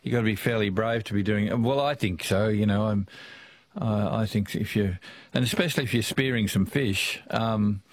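A man with an Australian accent hosting a casual radio talkback chat, easygoing and quick to laugh. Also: on the low side, dry recording. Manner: chatty, easygoing, laughs often.

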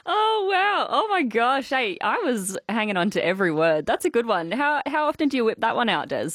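A woman hosting talkback radio, bubbly and quick to laugh. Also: fairly high pitch, sing-song, fairly bright tone, dry recording, studio quality. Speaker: radio host.

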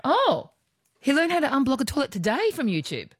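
Lively woman hosting a radio quiz. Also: high-pitched, a little fast, dry recording, studio quality. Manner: chatty, laughs easily, playful teasing. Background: music bed.

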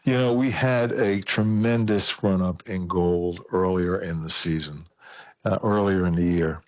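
A man's voice: deep voice, steady tone, unhurried, no room sound. A man, working as a financial advisor, giving a market report over a remote line and using many fillers.

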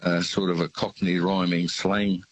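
Deep-voiced older Australian man, rambling. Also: level tone, slight background noise, rough recording. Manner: halting, rambling storyteller with many fillers. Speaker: radio caller. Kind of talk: casual phone-in chat.

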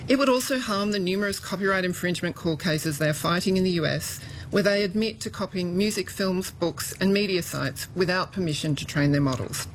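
Female executive, forceful prepared statement, faint room noise. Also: on the low side, fairly quick, poor audio. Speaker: industry chief executive.

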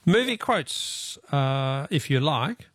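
A man's voice: fairly high pitch, big pitch swings, slow, a bit bright, no echo, studio quality. A man with an Australian accent hosting a radio quiz in a breezy, teasing way. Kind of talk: casual radio chat.

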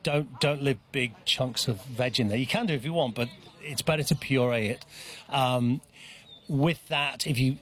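Man, guest chef, halting casual explainer with lots of restarts. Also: medium pitch, fairly bright tone. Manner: hesitant, many restarts and fillers. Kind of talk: casual radio chat. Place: outdoor dog park.

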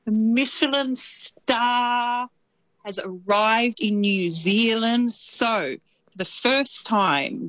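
A woman with an Australian accent reporting as a radio correspondent, chatty and lively and quick to laugh. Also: fairly low pitch, dry recording, poor audio. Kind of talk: casual radio chat.

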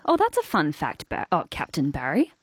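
A woman's voice: sits low, moderate pace, breathy edge, no room sound, studio quality. A woman hosting an afternoon radio show, chatting and laughing with callers in a bubbly manner. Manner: bubbly, giggly, animated. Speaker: radio presenter. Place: radio studio.

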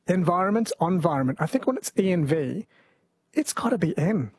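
Husky talkback radio host. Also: male voice, high voice, very animated, moderate pace, mellow. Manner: chatty, musing aloud.

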